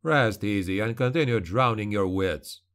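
A man voicing a cold, commanding male witch hunter who speaks slowly and with measured authority. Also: fairly low pitch, fairly bright tone, clear, resonant tone, close to an everyday voice. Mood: stern.

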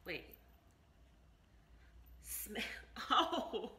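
A woman's voice: a little high, sing-song, unhurried, long pauses, sharp tone. A woman in her thirties talking casually to the camera as a vlogger, playful and over the top. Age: 30s. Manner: playful, over-the-top, self-described extra.

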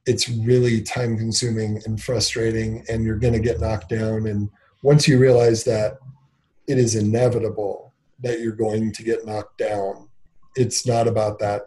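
A man's voice: on the low side, dark tone, slight background noise. A man in his thirties, a company CEO, talking candidly in an interview, reflective and full of fillers, acting out bits of dialogue as he goes. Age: 30s. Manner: reflective, filler-heavy, acts out dialogue in quick bursts.

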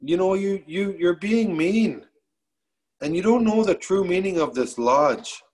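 Desperate young sister in a spoken tale, voiced by a male storyteller. Earnest, defiant, slow and steady. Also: high-pitched, poor audio. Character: desperate young woman pleading for her dying brother.

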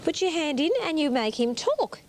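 A woman's voice: high-pitched, very animated, moderate pace, a little hiss or hum. A young Australian woman presenting a 1980s children's TV show, talking to small children in a gushing, coaxing, exclamatory sing-song. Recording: 1980s TV studio, music behind.

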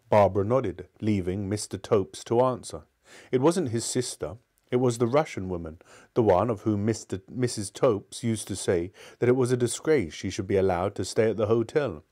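A man hosts a live book club reading, reading a short story in a fairly low voice. When he stops reading, he turns casual and chatty, hesitating over his words. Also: moderate pace, warm tone.

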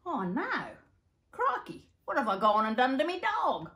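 A woman's voice: high voice, wildly swooping pitch, a little slow, pushed and bright, voice pushed up, full character voice. Daydreaming old Australian bushman, flustered and chuckling, played by a woman storyteller. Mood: dismayed. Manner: exclaiming in dismay, chuckling. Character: dreamy old male bushman, flustered and fond. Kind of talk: storytelling for children.

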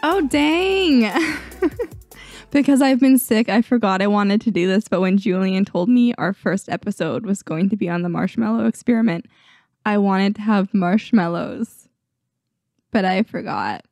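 A young woman co-hosting a casual podcast with her husband, her voice hoarse from a sore throat, laughing often and poking fun at herself. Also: mid-range voice, animated, normal speed, warm tone, dry recording, clean studio sound, soft background music. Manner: laughs often, self-deprecating. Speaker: podcast co-host. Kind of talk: casual chat. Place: home, on a couch.

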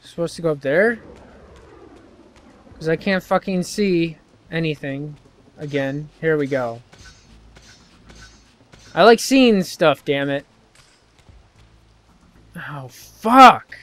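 A man mutters his way through a video game at an unhurried pace, swearing often in irritation. His voice is fairly high for a man, smooth and clear. Faint game music plays under him. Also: lively intonation, a bit bright. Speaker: gameplay commentator. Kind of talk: frustrated let's-play commentary.

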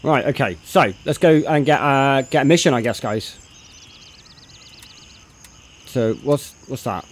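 A young man talks through a game live, thinking aloud as he sorts his gear. He chats casually with his viewers and greets them in a loud, upbeat burst. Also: medium pitch, a little slow, long pauses, faint music behind. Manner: chatty, thinks aloud, greets chat loudly. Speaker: game streamer. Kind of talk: live gameplay commentary.

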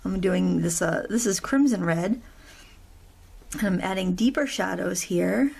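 A middle-aged woman talks through a coloring tutorial in a loose, chatty way, drifting into self-deprecating asides. Her voice has a gravelly fry at a middle pitch. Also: measured pace, darkish tone. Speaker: craft tutorial host. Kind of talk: real-time coloring tutorial.

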